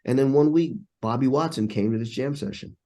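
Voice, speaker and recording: A man's voice: mid-range voice, fairly quick, mellow. A man, a trumpet player and interview guest, telling stories in casual conversation and acting out the voices of people he quotes.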